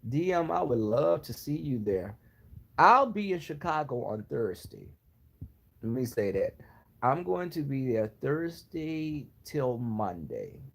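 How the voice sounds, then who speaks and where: A man's voice: medium pitch, sing-song, slow, gravelly, fairly bright tone. A man on his channel chatting casually with viewers, gossipy and frank with his opinions. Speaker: YouTuber answering viewers. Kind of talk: casual live-stream chat.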